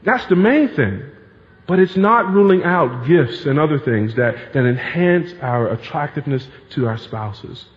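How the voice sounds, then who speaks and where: A man's voice: fairly high pitch, animated, a little slow. Man preaching in an echoing hall. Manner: conversational preaching, repeats key phrases for emphasis. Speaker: pastor. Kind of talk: sermon. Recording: reverberant hall, dull lo-fi sound.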